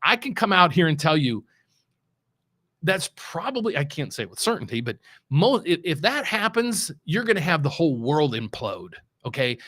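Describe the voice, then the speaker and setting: Here a mortgage loan officer from West Virginia, middle-aged, chats through some off-the-cuff market commentary on his show. His voice sits on the high side and is a bit bright, with a sing-song lilt at a normal pace. He wanders loosely, restarts frequently, and stresses key words heavily.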